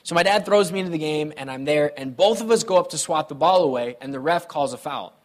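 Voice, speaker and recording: A man's voice: fairly high pitch, quick pace. A male pastor preaching a sermon, telling personal stories in a conversational, playful way. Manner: conversational, animated storytelling with playful humor.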